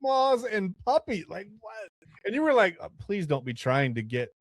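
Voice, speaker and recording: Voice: medium pitch, very animated, normal speed, no room sound, studio quality. A co-host in a casual chat, cracking jokes and reacting with laughter. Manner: joking, reacting with laughs and quips.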